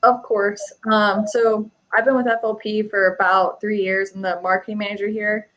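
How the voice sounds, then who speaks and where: A woman guest introduces herself as a marketing manager in a calm, matter-of-fact way. Her pitch barely moves and stays flat from one sentence to the next. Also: normal speed, rough recording.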